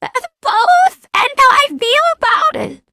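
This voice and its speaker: Playful woman host, high voice, goofy and giggly, casual podcast chat. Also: expressive, measured pace, sharp tone, no room sound, studio quality. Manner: playful, giggly, silly sound effects.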